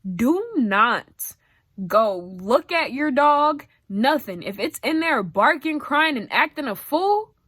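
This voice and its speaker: A woman's voice: high-pitched, slow pace, no echo, studio quality. A young woman vlogger giving dog-training tips in a casual, emphatic, slangy way. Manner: emphatic, animated, slangy and direct. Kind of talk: casual chatty advice.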